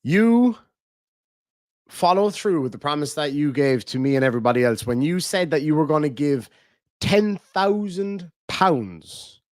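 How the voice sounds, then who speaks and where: An Irish man talks on a casual live stream, reading out viewer messages between heated, profane rants. His voice sits fairly high for a man. The sound is dry and close, with no room echo. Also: lively intonation, moderate pace. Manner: profane, ranting, reads viewer messages aloud.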